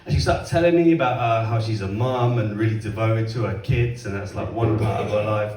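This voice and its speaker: A man performing a chatty, self-mocking stand-up set and acting out voices in loud bursts. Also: fairly low pitch, fairly quick, slight background noise. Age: 30s. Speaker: stand-up comedian. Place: comedy club stage, heard from across the room. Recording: roomy live club recording from a distance. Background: faint audience laughter.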